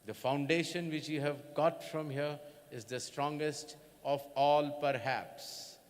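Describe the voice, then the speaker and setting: A man's voice: a little high, steady tone, long reverb tail. A man giving a convocation address to students, speaking in an emphatic way and asking many rhetorical questions. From India. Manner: slow, emphatic, repeats 'sir' and rhetorical questions. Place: large hall.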